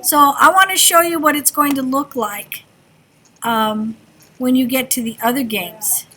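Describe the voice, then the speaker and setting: A woman's voice: high-pitched, unhurried, bright, forceful tone, slight background noise. A woman teaching a kindergarten class, talking in an encouraging sing-song way to small children. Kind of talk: classroom instruction.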